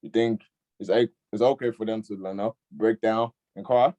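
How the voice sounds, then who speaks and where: Brief: young male youth-group host, low mellow voice, laid-back, keeps saying "facts.". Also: steady tone, normal speed, dull audio. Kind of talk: casual online group discussion.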